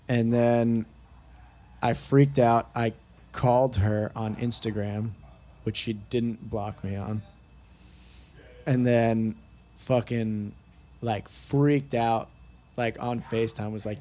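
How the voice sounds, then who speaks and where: A man's voice: on the low side, dark tone. A young man talking candidly on a podcast, swearing often and filling his speech with "like". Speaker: podcast guest. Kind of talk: casual podcast chat.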